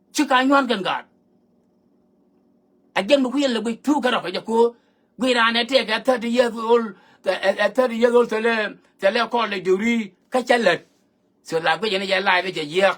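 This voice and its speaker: Guy with a high voice lecturing hard, mixing languages in a long rant. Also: a bit bright. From South Sudan. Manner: emphatic lecturing, switching between languages. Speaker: online commentator. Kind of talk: monologue talk mixing languages.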